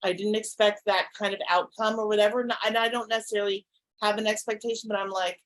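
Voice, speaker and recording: A woman's voice: mid-range voice, steady tone, quick pace, low-quality recording. A woman hosting a podcast, talking earnestly and reflectively, often restarting her sentences. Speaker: podcast host. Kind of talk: casual conversation.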